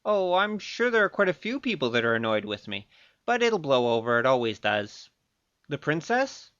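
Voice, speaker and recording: An actor playing a cocky young male thief who speaks in a wry, playful, quick-witted way, narrating his tale in a radio play. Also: on the high side, sing-song, fairly bright tone, no room sound, highs cut off. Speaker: narrator and lead.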